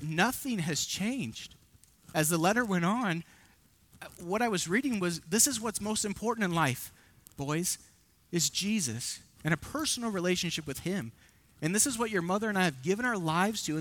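A man's voice: fairly high pitch, fairly bright tone. A man preaching a sermon from a church stage, earnest and emotional, with self-deprecating asides to the congregation.

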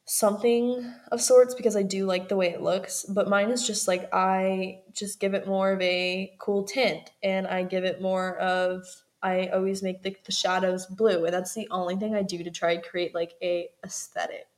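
A woman's voice: mid-range voice, flat delivery, moderate pace, few pauses. A young woman co-hosting a podcast, chatting casually, filling her talk with "like" and laughing often. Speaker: podcast co-host. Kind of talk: casual chat.

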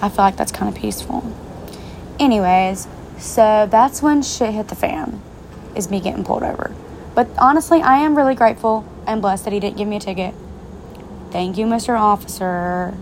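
A woman's voice: mid-range voice, lively intonation, fairly quick, darkish tone, slight background noise. A young woman telling a story to her viewers in a casual vlog, chatty and swearing freely. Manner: chatty, profane, speaking straight to viewers. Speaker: vlogger. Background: faint rain.

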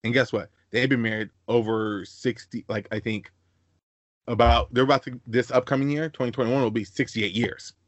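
A young man hosting a casual podcast chat, telling animated stories and slipping into high-pitched voices for the people he quotes. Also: normal speed, no room sound. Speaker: podcast host.

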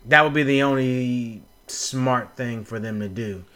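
A man's voice: medium pitch, unhurried, bright, forceful tone. A man hosting a casual podcast, teasing his co-host and rambling in loose, easygoing sentences. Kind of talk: casual wrestling talk.

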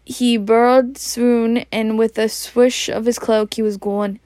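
A woman with a Scottish accent reading a storybook aloud in Scots, slowly and evenly, with some slips and restarts. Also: fairly high pitch, no room sound. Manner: slow, even, with slips and restarts. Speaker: reader.

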